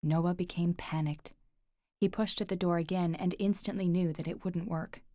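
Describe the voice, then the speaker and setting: Low-voiced woman narrating an audiobook. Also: fairly even intonation, moderate pace, dark tone, dry recording, studio quality. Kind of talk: scripted narration.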